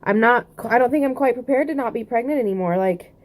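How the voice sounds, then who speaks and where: A woman's voice: a little high, fast. A young woman with a Southern US accent, chatting casually in a rambling vlog update, full of fillers and restarts. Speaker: vlogger.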